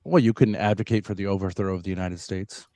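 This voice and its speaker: A man on a debate panel, speaking haltingly, with many pauses and restarts. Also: low voice, fairly even intonation, mellow, no room sound. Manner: halting, full of fillers and restarts. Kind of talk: heated debate.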